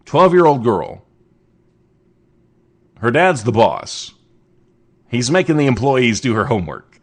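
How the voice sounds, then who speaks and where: Male podcast host, sarcastic, rambling, lively swooping pitch, casual news riffs. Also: takes it slowly. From United States. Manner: sarcastic, rambling asides with restarts. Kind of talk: casual comedic news commentary.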